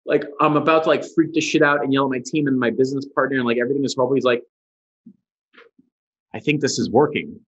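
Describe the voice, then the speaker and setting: A man being interviewed as a guest, telling a story with lively energy. He talks casually, swears freely and acts out the people in his story. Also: mid-range voice, very fast, hardly any pauses, husky. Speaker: guest, ad agency founder. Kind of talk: animated storytelling. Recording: dull lo-fi sound.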